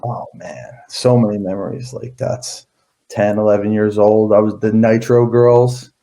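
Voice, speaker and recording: A man's voice: lowish voice, fairly even intonation, measured pace, warm tone. A man in his thirties, an interview guest, telling stories in a rambling casual way with many fillers and restarts.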